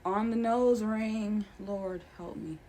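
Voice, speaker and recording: A woman's voice: mid-range voice, takes it slowly, mellow. A young adult woman, a vlogger, talking to camera in a chatty, slangy, playful way. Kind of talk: casual vlog chat.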